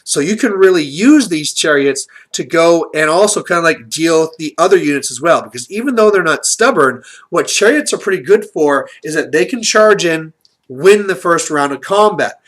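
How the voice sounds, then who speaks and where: A man hosts his own channel and talks through tabletop strategy in a relaxed, chatty way. His voice sits slightly high for a man. He leans on fillers and restarts as he explains. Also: normal speed. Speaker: channel host. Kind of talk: casual strategy commentary.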